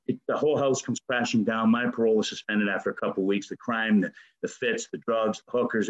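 A man's voice: medium pitch, lo-fi sound. Earnest man telling his recovery story. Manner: earnest and emotional, with frequent stammered restarts; swears casually. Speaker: speaker sharing a recovery story. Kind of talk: personal testimony at a recovery meeting.

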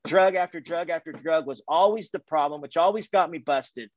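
A man shares his recovery story as casual testimony, with a slightly raised pitch and a loose, rambling delivery. He mocks himself with dry humor and leans on "man" and "dude". The recording is dry and a little dull. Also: normal speed, no room sound. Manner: loose and chatty, stacks up "and, and, and", peppers lines with "man" and "dude"; self-mocking humor with small laughs.

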